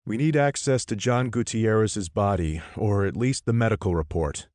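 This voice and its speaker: A man's voice: on the low side, moderate pace, darkish tone, no room sound, studio quality, pitched above the performer's own voice, lightly acted. A man voicing a determined, blunt male team leader in an audiobook, firm and clipped.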